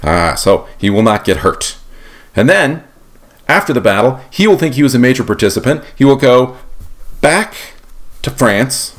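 A man's voice: mid-range voice, big pitch swings, normal speed, pauses often, pitched above the performer's own voice, natural voice. A man voicing a group of sly, practical male congressmen who hatch a conspiratorial plan. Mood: scheming. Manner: wheedling, conspiratorial.

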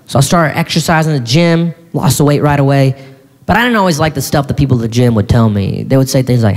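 A man performing stand-up comedy, telling a story in an animated, incredulous way with sudden shouts. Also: mid-range voice, fast talker. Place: live comedy venue on stage. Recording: live stage in a reverberant hall with faint crowd ambience.

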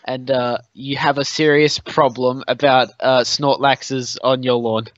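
A man's voice: mid-range voice, flat delivery, unhurried, dry recording. A young man co-hosting a podcast in casual banter, crude and profane, with jokey outbursts. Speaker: podcast co-host. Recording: dull, lo-fi dry home recording.

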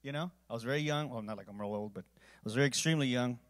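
Male pastor, average pitch, earnest sermon delivery swinging from quiet to booming. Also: rapid-fire. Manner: earnest storytelling, volume swinging from hushed to loud. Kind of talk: sermon closing with communion and prayer.

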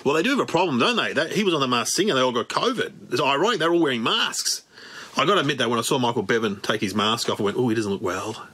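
Australian man, deadpan self-mocking comic. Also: medium pitch, fast talker, slightly rough. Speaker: comedian. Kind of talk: stand-up comedy to camera.

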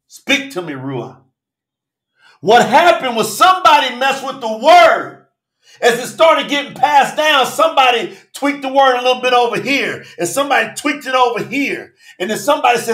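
A man preaching a fiery sermon in African American speech, shouting and calling out listeners by name. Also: very high-pitched, very animated, a little slow, long pauses, roomy sound. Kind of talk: fiery sermon on a live stream.

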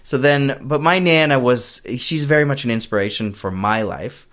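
Interview guest: a man, casual and animated, rambling answers that trail off. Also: mid-range voice, moderate pace. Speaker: guest, puppet show creator.

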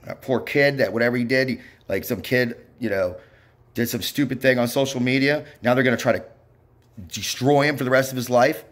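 The speaker is a man with a medium-pitched, steady voice talking fairly quickly. He rants in an angry, meandering monologue, swearing bitterly, muttering asides, and saying "yep" again and again.

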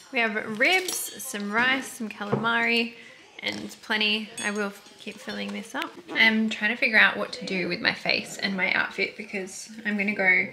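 A woman's voice: mid-range voice, gravelly. A bubbly woman in her thirties chatting casually to camera at home, laughing often. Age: 30s. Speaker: vlogger. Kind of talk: casual vlog chat to camera. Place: at home indoors. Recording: echoey room, noisy background.

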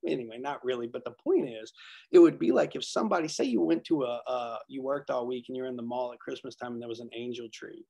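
A man's voice: medium pitch, fast, gravelly, dark tone. A man speaking casually at a recovery workshop, telling rambling, self-deprecating stories.

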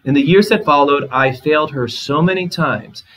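A man giving a literature lecture in a relaxed, conversational way, reading short passages aloud and commenting on them. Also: a little high, normal speed, poor audio. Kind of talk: recorded lecture.

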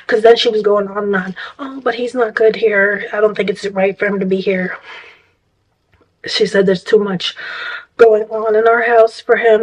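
A woman's voice: mid-range voice, breathy edge, low-quality recording. A woman vlogger telling a story in casual, rambling chat, exasperated and full of restarts.

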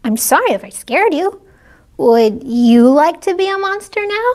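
A friendly storybook child in a monster costume, read by a woman, speaking gently and with apology. The voice sits high and moves at a slow, easy pace. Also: very animated, full character voice. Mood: apologetic.

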